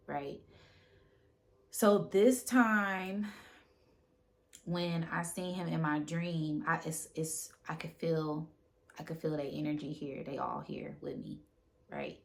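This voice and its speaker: A woman's voice: low-pitched, steady tone, a little slow. A woman talking casually to her viewers about spiritual matters, emotional and close to tears, repeating phrases and often asking "right?". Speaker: spiritual content creator.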